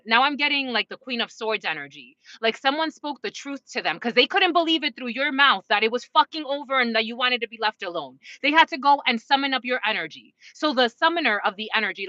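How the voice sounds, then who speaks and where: Bright, breezy woman tarot reader. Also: fairly high pitch, no room sound, highs cut off. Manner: casual, profane, frequent laughing asides. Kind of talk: collective tarot reading.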